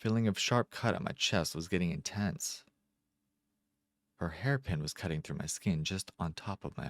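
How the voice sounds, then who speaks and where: A man reading a first-person short story aloud in a measured, deliberate way with careful pauses. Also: sits low, dry recording, clean studio sound. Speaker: amateur narrator.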